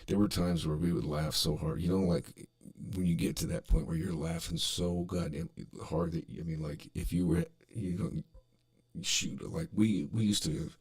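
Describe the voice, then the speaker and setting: Man, middle-aged, podcast host, low gravelly voice, lively up-and-down delivery, rambling profane storytelling. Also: moderate pace. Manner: rambling and profane, full of restarts and fillers. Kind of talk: casual storytelling monologue.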